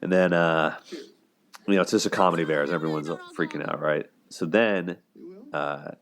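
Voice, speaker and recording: Male host, very low voice, loose conversational breakdown, lots of filler words. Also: fairly even intonation, normal speed. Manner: loose and chatty, full of "you know" and "like". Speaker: show host analyzing relationships. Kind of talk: casual commentary.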